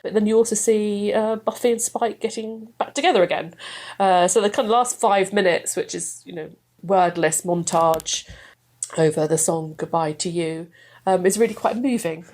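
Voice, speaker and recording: A woman's voice: mid-range voice, normal speed, darkish tone. A woman, chatting enthusiastically as a podcast guest and laughing often. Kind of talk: casual chat.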